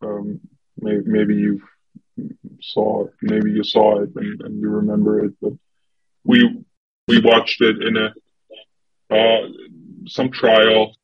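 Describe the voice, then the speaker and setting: Brief: man, second-language speaker, hesitant guest. Low, flat, husky. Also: slow, pauses often, muffled recording. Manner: hesitant, many fillers and restarts. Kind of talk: casual conversation.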